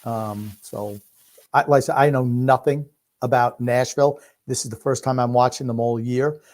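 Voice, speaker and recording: A man with a mid-pitched voice, co-hosting a casual sports watch-along. He rambles in a laid-back way and fills gaps with ums and uhs. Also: fairly even intonation, normal speed, darkish tone. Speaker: podcast co-host.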